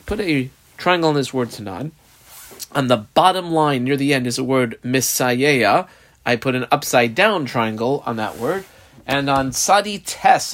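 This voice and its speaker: A man leads a Talmud study lesson in a mid-range voice. He works through the page phrase by phrase and pauses to tell listeners how to mark each word. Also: mid-range voice, a bit bright. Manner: explains step by step, marking up the text aloud. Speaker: Talmud teacher.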